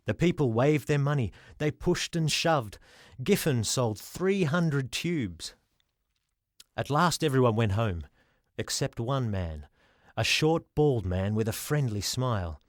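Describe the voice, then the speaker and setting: A man reading a children's storybook aloud as the narrator, in an expressive way. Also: medium pitch, slow pace, dry recording, clean studio sound. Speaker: audiobook reader.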